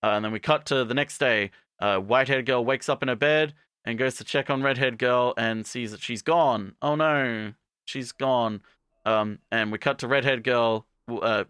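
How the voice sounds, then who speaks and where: A man's voice: medium pitch, a bit bright, smooth, no room sound, clean studio sound. A man co-hosting a podcast, recapping an anime in a casual, comedic way and acting out the characters in jokey voices. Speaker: podcast co-host.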